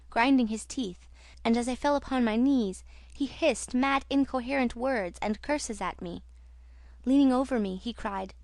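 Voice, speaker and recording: Woman, audiobook narrator, theatrical horror reading, higher voice, dry booth sound. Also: dry recording. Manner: expressive, theatrical.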